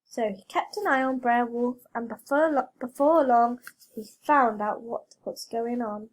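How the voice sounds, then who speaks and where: A woman reading a children's story aloud, slow, clear and expressive. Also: a little high. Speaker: reader.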